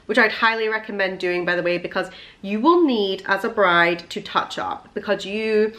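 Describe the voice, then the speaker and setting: Young woman vlogger, chatty and gushing, emotional storytelling, mid-pitched. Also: normal speed, a bit bright. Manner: gushing, emotional, full of fillers.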